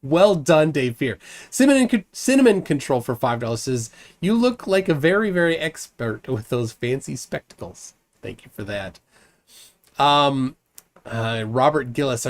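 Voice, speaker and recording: A man's voice: medium pitch, lively intonation, normal speed. A married man hosting a live stream, chatting casually and reading out viewers' comments, with many restarts and fillers. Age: adult, married. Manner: rambling with frequent restarts and fillers.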